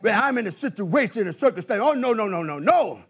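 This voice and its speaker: A man preaching a sermon in an animated call-and-response style, with bursts of shouting. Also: high-pitched, fairly quick, hardly any pauses, husky.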